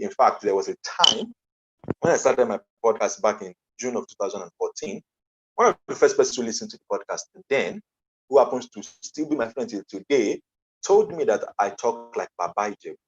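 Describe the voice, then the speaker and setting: A man's voice: mid-range voice, animated, moderate pace, slightly rough. A man with a Nigerian accent giving an earnest motivational conference talk as a coach, emphatic and repeating his key phrases. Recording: dull lo-fi online conference audio.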